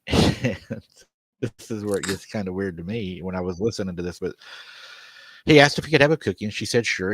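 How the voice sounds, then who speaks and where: A man's voice: lowish voice, fairly bright tone, no room sound. A man hosting a live show, casually retelling a story with quoted dialogue and laughing often. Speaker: podcast host.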